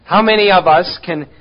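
In dull-sounding audio, a high-pitched male pastor delivers an animated sermon. He addresses the congregation head-on, firing off rhetorical questions and abrupt surges of emphasis.

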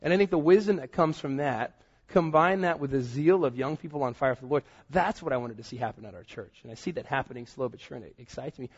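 A man's voice: medium pitch, quick pace, breathy edge, muffled recording. A man in his thirties preaching a sermon as pastor, telling personal stories and acting out what people said. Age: 30s. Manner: storytelling with acted-out quotes.

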